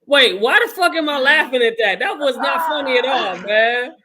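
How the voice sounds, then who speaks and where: A man on a casual podcast, playful and teasing with loud laughing outbursts, quieter when he sympathizes. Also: very high voice, expressive, moderate pace, over a noisy crowd. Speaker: podcast co-host. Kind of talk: casual chat.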